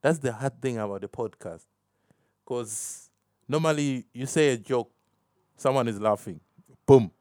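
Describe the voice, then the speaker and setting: A man's voice: medium pitch, measured pace, long pauses, darkish tone, no room sound, studio quality. A man hosting a solo podcast, rambling and self-mocking, laughing at his own jokes and dropping "fam" into his talk. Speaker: podcast host.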